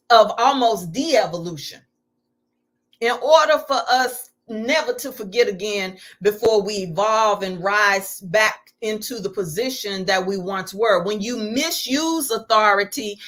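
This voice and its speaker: A woman's voice: on the high side, fairly bright tone. Preacherly woman giving a spiritual teaching. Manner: preacherly, rhetorical questions. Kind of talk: live-streamed spiritual teaching.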